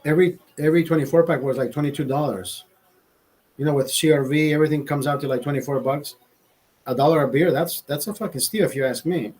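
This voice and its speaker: A man's voice: on the high side, fast talker, a little mellow, breathy edge, low-quality recording. A man hosting a casual livestream, rambling in a profane, stammering way with many restarts. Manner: laughs at own jokes. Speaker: livestream host.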